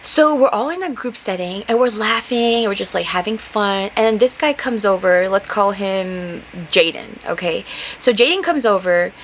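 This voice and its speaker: Young woman host, casual exasperated monologue, mid-pitched, faint background hiss. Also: expressive, normal speed, poor audio. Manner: heated, exasperated, many fillers and rhetorical questions. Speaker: podcast host.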